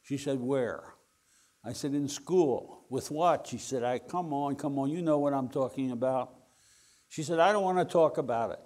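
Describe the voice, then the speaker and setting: An older man tells a story to an audience in a wry, animated way, slipping into the back-and-forth of the dialogue. His pitch sits in an ordinary middle range for a man. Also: moderate pace. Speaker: speaker telling a story to an audience. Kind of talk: anecdotal storytelling talk.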